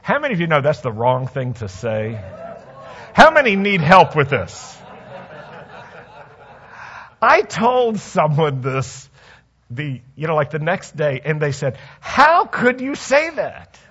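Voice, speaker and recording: A man's voice: a little high, sing-song, measured pace, pauses often, fairly bright tone, husky, dull audio. A man preaching a sermon in a conversational way, asking the congregation questions and telling stories from his own life. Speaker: pastor.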